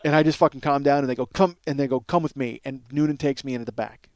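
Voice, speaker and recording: A middle-aged podcast host tells a long story in a loose, profane, animated way, acting out the voices of the people in it. His voice is mid-range and quick, and the recording is dry.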